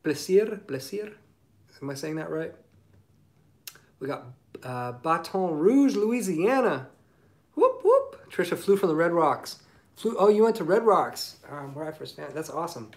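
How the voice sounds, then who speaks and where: Through his phone mic, a male singer-songwriter keeps a livestream casual, reading viewer comments in a relaxed, rambling manner with frequent ums. His gravelly voice is fairly high, at a moderate pace.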